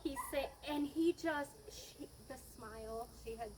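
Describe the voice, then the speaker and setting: A woman's voice: high voice, unhurried. A middle-aged woman giving a heartfelt, rambling tribute at a family gathering, laughing often as she tells stories. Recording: noisy background.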